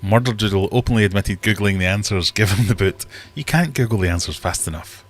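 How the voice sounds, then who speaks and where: A man's voice: on the low side, fairly quick. A man hosting a casual live-stream quiz, chatty and joking as he reads out the questions. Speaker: livestream quiz host.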